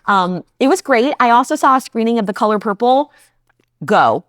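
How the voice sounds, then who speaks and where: A woman's voice: on the high side, expressive, moderate pace, a bit bright, dry recording, studio quality. A woman from New Jersey co-hosting a casual podcast chat, enthusiastic and chatty with frequent fillers. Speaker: co-host.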